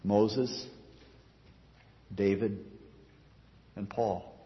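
A man preaching a sermon as pastor, earnest, his voice rising for emphasis and sinking low at the ends of phrases. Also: fairly even intonation, drawn-out words. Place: church. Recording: dull reverberant church recording.

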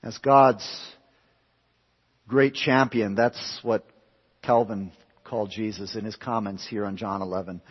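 A man preaches a sermon with a slightly husky voice, swinging from quiet, hushed stretches to loud, forceful climaxes. His words ring out through a long hall reverb. The recording sounds somewhat dull and lo-fi. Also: fairly low pitch, steady tone, a little slow, long pauses.

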